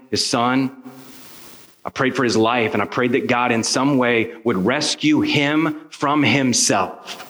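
A man's voice: medium pitch, fairly bright tone, poor audio. Man, pastor, sermon storytelling, earnest, conversational.

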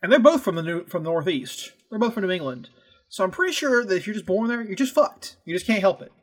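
A man's voice: high voice, lively intonation, quick pace. A man co-hosting a podcast, talking in brash, teasing banter and swearing freely. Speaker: podcast co-host. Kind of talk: casual profane banter.

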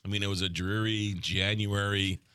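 In clean studio sound with no echo, a morning radio host with a New York accent speaks in a lowish, bright, forceful voice that's clear and resonant but has little pitch movement. He chats casually on air, halting often with ums and uhs.

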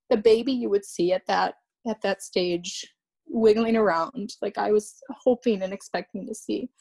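A woman's voice: on the high side, creaky, warm tone, breathy edge. Young woman telling a painful story. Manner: halting, repeats herself, many restarts. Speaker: podcast guest. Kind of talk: emotional personal storytelling.

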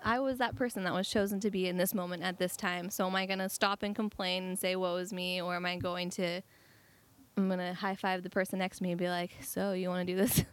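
A woman's voice: fairly low pitch, level tone, quick pace, clean tone. A young woman chatting casually as a guest, laughing often and filling her talk with "like". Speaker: guest, cafe team member. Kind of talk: casual conversation.

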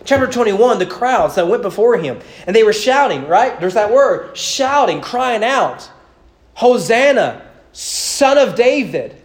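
A male pastor preaching a sermon in church, animated, with rhetorical questions and repeated words. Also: high voice, moderate pace, few pauses. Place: church sanctuary.

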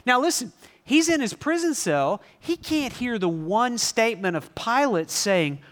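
Preacher guy getting the congregation to join in, high voice, long echo in a big hall. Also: measured pace. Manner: animated, asks the audience questions and acts out scenes. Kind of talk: sermon. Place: large hall before a live congregation. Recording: long reverb in a large hall.

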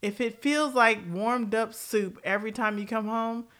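A woman's voice: on the high side, fairly even intonation, normal speed, a bit bright. A woman hosting a casual pop-culture commentary show, blunt and profane, laughing often and jumping between tangents.

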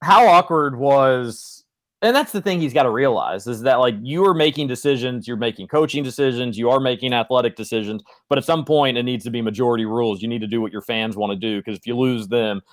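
A man's voice: mid-range voice, a little fast. A man co-hosting a sports radio show, ranting in an exasperated way.

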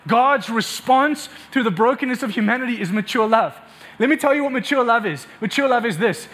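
Male pastor, very high voice, fervent repetitive sermon delivery, swells to near-shouting. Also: brisk.

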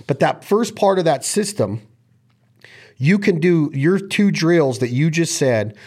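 A man's voice: a little high, expressive, unhurried, darkish tone, husky. A man hosting a casual chat on duck calling, speaking with enthusiasm and sometimes breaking into vocal call sounds. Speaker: podcast host.

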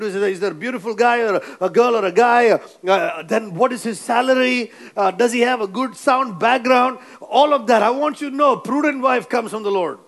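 A man's voice: very high voice, a bit bright. A man preaching a sermon, emphatic and repetitive, who keeps prompting the congregation to answer back. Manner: emphatic, repeats phrases, prompts the congregation for amens.

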